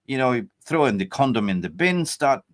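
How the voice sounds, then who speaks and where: A man's voice: mid-range voice, fairly quick, crowd noise. A man hosting a fan channel's player ratings, joking and pleading to make his point. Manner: excitable, jokey, pleading to finish his point. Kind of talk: casual football chat.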